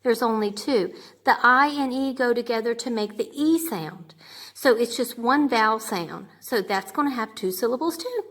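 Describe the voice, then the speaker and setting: A woman's voice: fairly high pitch, animated, moderate pace, fairly bright tone. A woman teaching a grade two class remotely, patiently sounding out words and checking in with "okay?". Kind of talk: remote lesson for young children.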